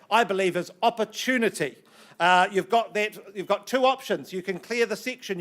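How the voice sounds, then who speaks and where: A man running a property auction, speaking in a slow, measured way with frequent fillers. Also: high voice, a bit bright. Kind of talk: auction patter. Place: auction room.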